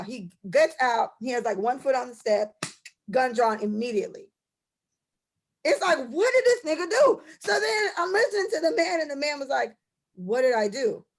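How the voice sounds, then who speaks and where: A young woman co-hosting a casual podcast chat. She talks in a fired-up, profane way and acts out the people she is telling about. Her voice sits a little on the high side. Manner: impassioned, profane storytelling. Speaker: podcast co-host.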